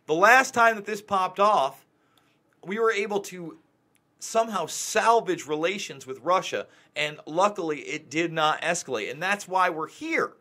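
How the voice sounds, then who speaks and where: Agitated ranting male host, bright high voice. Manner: agitated, ranting, emphatic repetition. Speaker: news show host. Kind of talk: live commentary monologue.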